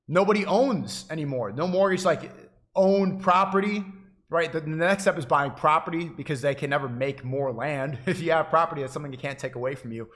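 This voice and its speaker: A man streaming live and lecturing his chat in a preachy, insistent way. His voice sits a little higher than most men's. He keeps circling back, repeating and restarting phrases as he pushes his point. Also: a bit bright. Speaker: livestreamer addressing chat. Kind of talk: livestream monologue.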